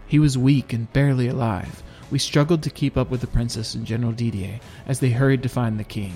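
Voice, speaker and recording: Male storyteller, middle-pitched, steady and measured, with faint music underneath. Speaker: narrator. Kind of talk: first-person audiobook narration.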